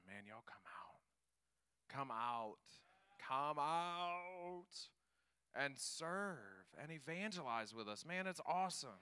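A man preaching a sermon, telling stories with animated enthusiasm. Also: fairly high pitch, clear, resonant tone. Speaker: pastor.

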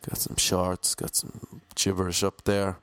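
Deadpan monotone Irish man. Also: sits low, measured pace, no echo. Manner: monotone, deadpan, self-mocking. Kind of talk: rambling comic monologue.

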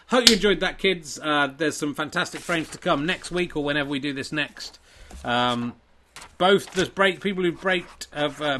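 A man hosting and commentating his own comic snooker tournament in an excitable, sweary, self-mocking way. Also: a little high.

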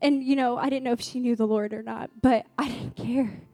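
High-voiced woman preaching earnestly. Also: steady tone, fairly quick, mellow, no room sound. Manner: earnest, builds to fervent exhortation. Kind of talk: sermon with personal testimony. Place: gathering room with a congregation.

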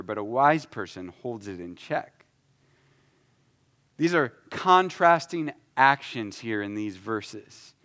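A man in his thirties preaching a sermon, emphatic, shifting between loud stresses and soft asides. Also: medium pitch. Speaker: pastor.

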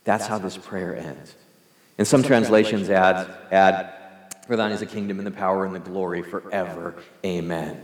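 A man's voice: low-pitched, moderate pace, a little mellow. A man preaching a sermon to his congregation in a conversational, earnest way, leading them in prayer. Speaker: pastor. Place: church hall. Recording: echoey hall reverb.

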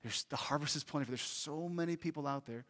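A man's voice: fairly high pitch, fast, a bit bright. A man preaching a sermon in a church, telling a personal story with earnest energy and questions to the congregation. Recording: long reverb of a large hall.

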